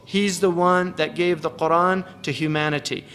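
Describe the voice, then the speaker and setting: High-voiced man giving an earnest religious lecture. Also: fairly even intonation, normal speed, a bit bright. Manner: earnest, many restarts, recites Arabic verses. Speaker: Islamic lecturer.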